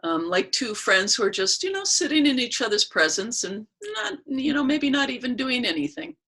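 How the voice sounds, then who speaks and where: A woman leading a training session over a video call. She speaks softly and reflectively, unhurried, often pausing to search for words. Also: fairly high pitch, sing-song, breathy edge. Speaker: workshop facilitator.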